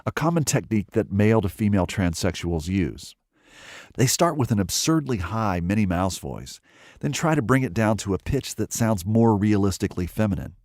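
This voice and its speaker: A male reporter reads scripted radio narration with a lowish voice and lively intonation. The studio sound is dry and close. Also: normal speed, dry recording.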